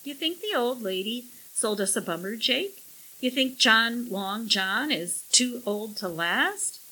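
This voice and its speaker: A sharp-tongued young wife who speaks curtly and with a tart edge, read by a woman. Her voice is bright and breathy, and she talks slowly. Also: a little high, lively intonation, pitched above the performer's own voice, heavily acted, rough recording. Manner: curt and tart. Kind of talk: audiobook character voice.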